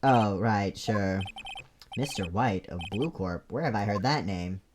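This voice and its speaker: A woman's voice: very deep voice, a little slow, noisy background. A woman streamer casually reading all the game's dialogue aloud in her own voice, joking between lines. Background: game music.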